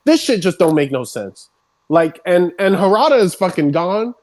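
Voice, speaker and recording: A streamer on a heated rant who swears constantly and builds up into shouting, voice starting to crack. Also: medium pitch, very animated, moderate pace.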